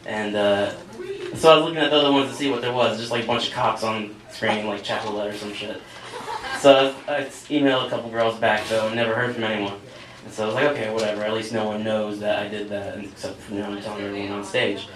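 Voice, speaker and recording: A man's voice: on the low side, fairly even intonation, quick pace, noisy background. A young man doing a stand-up set in a small cafe, rambling and self-mocking with lots of fillers. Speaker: stand-up comedian. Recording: echoey room, mic from far off, audience laughter. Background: audience laughing.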